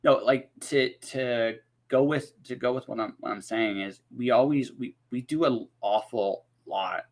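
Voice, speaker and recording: A man's voice: mid-range voice, measured pace, few pauses. A man hosting a casual interview podcast, talking in loose rambling runs with many restarts and "right?" tags. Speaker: podcast host.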